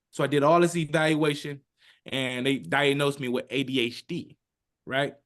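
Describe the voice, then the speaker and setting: A man in his thirties tells his own story as a podcast guest. He talks in an emphatic, animated way. He often slips into other people's words as he tells it. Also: on the high side, moderate pace. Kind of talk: emotional personal storytelling.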